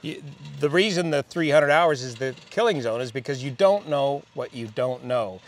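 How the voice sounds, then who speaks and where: Older man telling pilot stories, measured. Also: mid-range voice, expressive. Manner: reflective, measured, with restarts. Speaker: interview guest, airline pilot. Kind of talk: relaxed storytelling.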